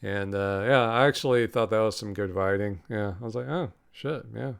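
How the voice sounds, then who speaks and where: Low, smooth-voiced man rambling casually. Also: steady tone, fairly quick. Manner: rambling and offhand, swears freely, chuckles often. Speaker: podcast host reviewing a film. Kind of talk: casual spoken review.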